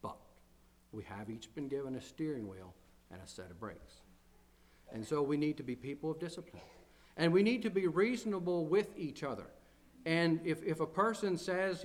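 A man's voice: on the high side, sing-song, normal speed. A man preaching as pastor to his congregation, earnest, often repeating phrases and building to emphatic declarations. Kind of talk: sermon.

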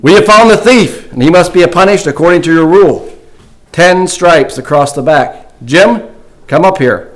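A man voicing a calm, firm young schoolteacher who speaks in a measured way, inside a story read in a sermon. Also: fairly high pitch, natural voice, rough recording.

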